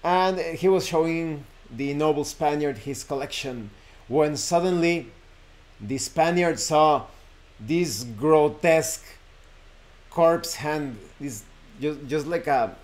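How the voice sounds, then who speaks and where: A man's voice: a little high, slow. A man, hosting a show and casually retelling a horror folk tale, rambling and correcting himself with frequent fillers. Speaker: host. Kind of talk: casual storytelling.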